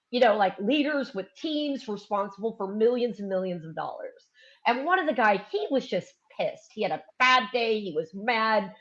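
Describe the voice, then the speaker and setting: A woman in casual conversation, telling a lively story full of fillers and asides. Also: mid-range voice. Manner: animated storyteller, many fillers. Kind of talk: casual chat. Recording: dull lo-fi sound.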